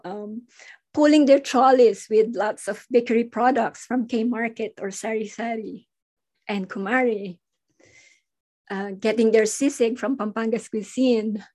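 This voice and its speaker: A woman, a restaurant owner speaking on an online panel. She talks haltingly, with many restarts, and gets emotional. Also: a little high, darkish tone.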